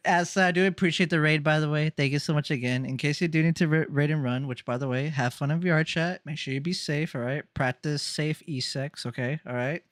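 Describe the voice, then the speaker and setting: A man's voice: on the high side, a little fast, hardly any pauses, dry recording, clean studio sound. A man chatting casually on a live game stream, teasing viewers, laughing often and swearing freely.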